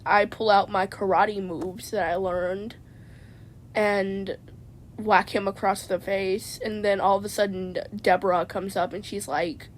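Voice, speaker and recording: A woman's voice: mid-range voice, level tone, unhurried, slight background noise. Rambling woman telling a story from her car. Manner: rambling, stammering, constantly adds "man". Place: inside a parked car.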